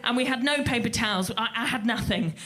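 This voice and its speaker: A woman telling a lively anecdote on stage, acting out the quotes as she goes. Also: a little high, fairly quick. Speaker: festival crew member telling a story.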